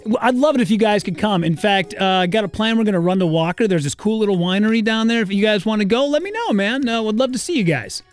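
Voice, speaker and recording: A man's voice: sits high, animated, quick pace, hardly any pauses, soft background music. A man in his thirties co-hosting a radio show, chatting and acting out the lines of people in his stories. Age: 30s. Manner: chatty storyteller who acts out other people's lines. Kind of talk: casual radio banter.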